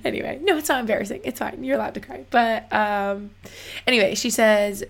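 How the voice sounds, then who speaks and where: A young woman hosting a podcast, talking in an excitable, rambling way full of "like.". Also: on the high side, brisk, gravelly. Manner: excitable, rambling, lots of likes. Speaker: podcast host. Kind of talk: casual chat.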